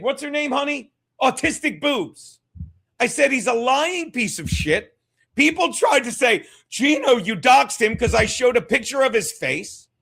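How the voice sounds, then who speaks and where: A man hosts a live stream in a loud, profane rant, mocking people and repeating his points. His voice sits unusually high and sounds bright and piercing. He often rises into shouts. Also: gravelly. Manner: repeats himself, shouts at times. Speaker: streamer host. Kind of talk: ranting live stream commentary.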